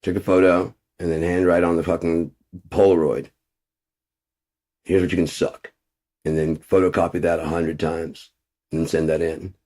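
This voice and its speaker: A man's voice: deep voice, flat delivery, moderate pace, a little mellow. A man delivering a profane, ranting monologue straight to camera, swearing constantly and muttering asides under his breath. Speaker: vlogger.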